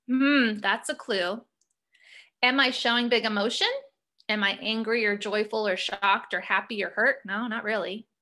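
A female teacher leads young students through a punctuation lesson, reading sentences aloud slowly and asking questions to prompt them. Her voice is a little high with a sharp tone.

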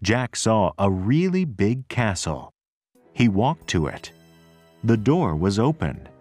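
A man reads a storybook aloud very slowly and deliberately, his low voice slightly husky. His pitch rises and falls expressively. Faint music plays behind him. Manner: clear, deliberate, expressive reading. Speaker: narrator. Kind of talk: slow read-aloud storybook narration.

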